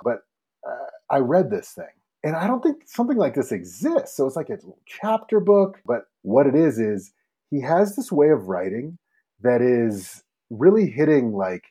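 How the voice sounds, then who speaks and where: A man co-hosting a casual podcast with a husky, mellow voice that swings widely in pitch. He tells stories with enthusiasm and acts out quoted lines as he goes. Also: sing-song, moderate pace. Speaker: podcast co-host. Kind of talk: casual chat.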